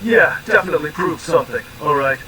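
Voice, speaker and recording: A man's voice: on the high side, expressive, quick pace, bright, forceful tone, a little hiss or hum, rough recording. Synthetic male voice as a snarky battered robot. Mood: grudging. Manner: dry, scoffing, irritable. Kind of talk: text-to-speech role-play narration.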